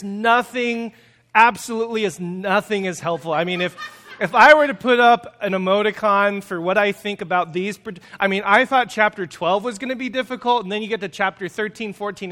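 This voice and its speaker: A man preaching a sermon as pastor, casual and animated, joking about the text he reads. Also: sits high, in a large hall. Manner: animated and jokey, laughs at the text.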